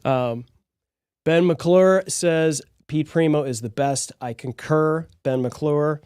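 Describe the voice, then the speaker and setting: A man's voice: a little high, slow, darkish tone, clear, resonant tone, no echo, clean studio sound. A man hosting a live podcast, talking in an upbeat, encouraging way. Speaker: podcast host.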